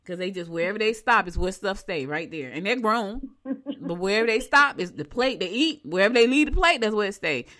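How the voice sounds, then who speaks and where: A middle-aged woman, co-hosting a morning show in casual chat, reading horoscopes and telling animated stories. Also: mid-range voice, brisk. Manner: chatty, animated storytelling.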